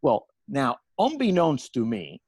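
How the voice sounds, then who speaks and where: A man's voice: mid-range voice, a little slow, husky, no echo. Older man telling a profane comic story. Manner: animated, profane, frequent restarts. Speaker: comedian.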